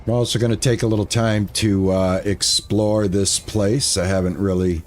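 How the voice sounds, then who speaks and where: Older guy streaming a game, kinda low voice, thinks out loud and repeats stuff. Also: fairly even intonation, moderate pace, soft background music. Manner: rambling, thinking aloud, repeating himself. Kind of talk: casual gameplay commentary.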